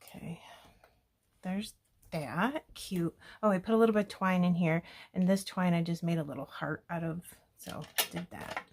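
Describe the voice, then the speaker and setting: Gravelly low-voiced woman crafting. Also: moderate pace, darkish tone. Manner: chatty, thinking aloud while working. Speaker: scrapbooking video host. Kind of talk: casual crafting talk-through.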